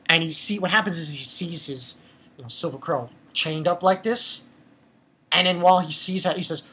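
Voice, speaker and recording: Husky male anime reviewer, ranting and mocking, loud bursts and mutters. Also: on the high side, normal speed. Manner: animated, profane, mocking, swings from shouting to muttering.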